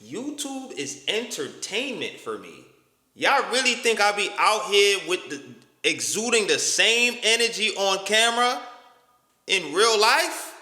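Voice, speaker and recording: An exasperated young man talks back to a video about himself, incredulous and full of swearing. His voice is bright and jumps around a lot. The room is echoey, with a long reverb tail. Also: high-pitched, big pitch swings, a little slow. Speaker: YouTuber reacting to a critic's video. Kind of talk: casual reaction commentary.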